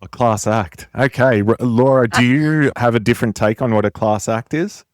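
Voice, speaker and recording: A man, a podcast guest, asking measured questions and teasing the hosts. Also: mid-range voice, dry recording, clean studio sound. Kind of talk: casual podcast chat.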